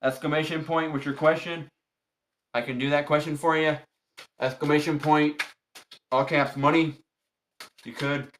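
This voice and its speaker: A man's voice: a little high, little pitch movement, moderate pace, pauses often, fairly bright tone, slight background noise. A man hosting a tarot livestream, chatting casually with viewers and repeating firm, polite instructions to his chat. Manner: polite but strict.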